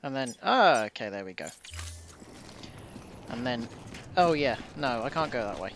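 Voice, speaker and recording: A man's voice: medium pitch, sing-song, unhurried, noisy background. A man giving casual let's-play commentary as a gameplay streamer, making wry, joking asides.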